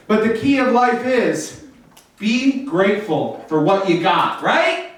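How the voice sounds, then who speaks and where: High-voiced male host in an echoey hall. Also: animated, slow. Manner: playful, teasing, leads audience chants; swears freely. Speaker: variety show host. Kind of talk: live stand-up crowd work. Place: live venue before an audience. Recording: echoey room from far off, faint noise.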